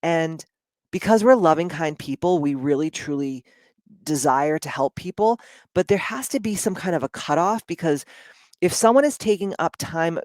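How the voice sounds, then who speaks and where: A woman's voice: low-pitched, a little mellow, no room sound. A woman speaking in a casual, blunt monologue, with frequent swearing and lots of "like".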